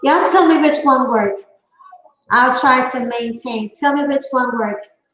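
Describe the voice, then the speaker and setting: A woman's voice: high voice, unhurried, a bit bright, echoey room, low-quality recording. A woman hosting a casual livestream, talking sarcastically to her chat and laughing often. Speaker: livestream host.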